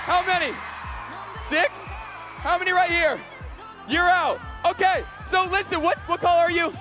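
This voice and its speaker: A man hosting a camp game on stage, shouting energetically to a crowd, his voice getting strained. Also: extremely high pitch, normal speed, faint music behind. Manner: energetic, loud, calling out to a crowd. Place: large camp event hall.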